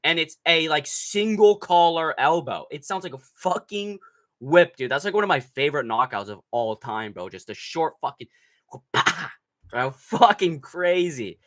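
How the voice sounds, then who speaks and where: Brash, bright-voiced young man streaming. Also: fairly high pitch, lively intonation, a little slow. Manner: brash, profane, mocking, bursts into shouts. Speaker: livestream host reading chat. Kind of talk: casual livestream chat.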